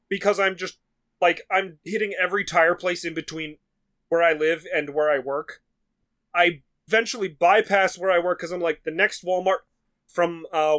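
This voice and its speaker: High-pitched guy ranting thru a story, swears a lot, does everybody's lines. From New York. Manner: animated, swearing, acts out quotes. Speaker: podcast co-host. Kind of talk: casual storytelling chat.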